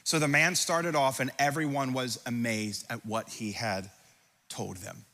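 A pastor preaching a sermon, reading scripture aloud with dramatic emphasis and breaking into conversational asides. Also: male voice, medium pitch, steady tone, measured pace, pushed and bright. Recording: long hall reverb.

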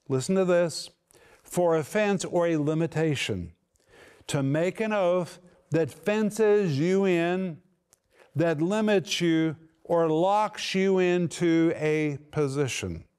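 A man preaching with a smooth, resonant voice that sits a little higher than most. He is emphatic, and he drags out key words to stress them. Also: darkish tone. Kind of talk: sermon teaching.

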